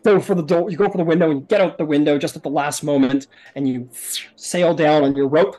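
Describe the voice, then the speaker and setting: A man's voice: a little high, brisk, dark tone. Casual, rambling man running a tabletop game. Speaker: game master.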